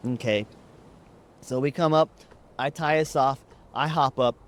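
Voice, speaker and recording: A man's voice: mid-range voice, fairly even intonation, unhurried, a little hiss or hum. Wry man spinning a casual yarn. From Texas. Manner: wry, profane, laid-back. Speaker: storyteller. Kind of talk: casual storytelling.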